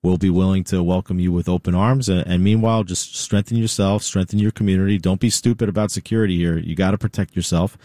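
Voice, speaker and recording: A middle-aged man being interviewed as a guest. He speaks in a measured way and often says "you know". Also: deep voice, steady tone, mellow, no echo, studio quality. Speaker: interview guest, news executive. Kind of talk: conversational interview.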